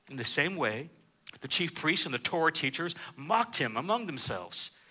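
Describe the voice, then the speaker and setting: A man's voice: fairly high pitch, sing-song, normal speed, pushed and bright. A man preaching a sermon, reading scripture aloud and explaining it verse by verse, with frequent "uh" fillers. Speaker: pastor.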